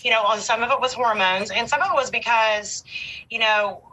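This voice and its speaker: Bright-voiced woman talking candidly. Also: on the high side, normal speed, rough recording. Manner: candid and animated, many fillers. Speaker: podcast guest. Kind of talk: casual conversation.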